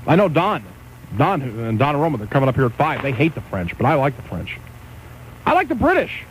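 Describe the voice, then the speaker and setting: Ranting animated radio host man. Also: mid-range voice, a little fast, a little hiss or hum, poor audio. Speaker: radio talk show host. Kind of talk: casual talk radio banter. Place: radio studio.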